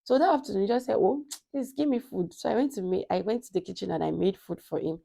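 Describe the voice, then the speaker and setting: A young Nigerian woman vlogger with a Nigerian accent, telling a personal story in a casual, animated way and acting out the dialogue. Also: medium pitch, very fast, creaky. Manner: animated, acts out quoted dialogue.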